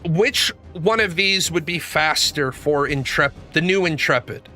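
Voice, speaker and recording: A man's voice: a little high, unhurried, pushed and bright, soft background music. A man hosting a gaming show, telling stories in a casual, blunt and profane way, rambling as he goes. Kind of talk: casual livestream storytelling.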